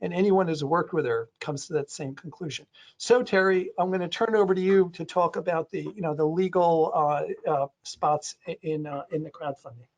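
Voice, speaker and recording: A man with a fairly high voice talks on a panel in a loose, rambling way. He restarts sentences often and leans on fillers as he goes. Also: moderate pace, darkish tone. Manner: does playful voices for quotes. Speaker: panelist on a real estate crowdfunding webinar. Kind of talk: conversational panel talk.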